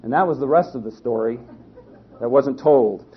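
A man preaching a sermon in a folksy storytelling way, often halting and restarting his sentences. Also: medium pitch, a little hiss or hum. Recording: dull lo-fi recording.

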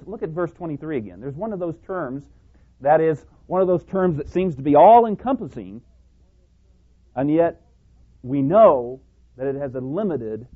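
Emphatic preacher man, tinny phone-like sound. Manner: emphatic, stressing single words with big pitch jumps. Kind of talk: sermon.

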